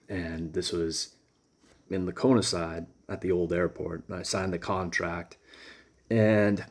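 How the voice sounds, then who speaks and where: A man telling a rambling personal story in a casual, animated way. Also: low voice. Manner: animated, casual, jumps between thoughts.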